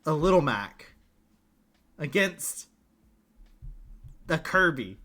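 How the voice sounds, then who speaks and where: An esports commentator doing excitable, jokey play-by-play for a fighting game match. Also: mid-range voice, very slow.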